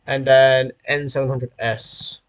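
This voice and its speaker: A man's voice: mid-range voice, little pitch movement, takes it slowly, clear, resonant tone. A young man from Hong Kong with a British-sounding accent and a sore throat, chatting casually on a stream, rambling and often correcting himself mid-sentence. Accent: British-sounding English. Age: young adult. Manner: rambling and self-correcting, often restarting phrases. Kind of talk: casual live-stream chat while playing a train simulator.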